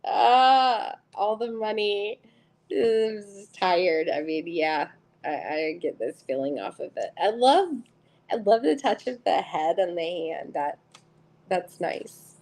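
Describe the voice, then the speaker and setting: A woman's voice: lowish voice, takes it slowly, creaky, a little mellow, poor audio. A middle-aged woman hosting a live tarot stream, chatting casually and giggling as she greets viewers by name.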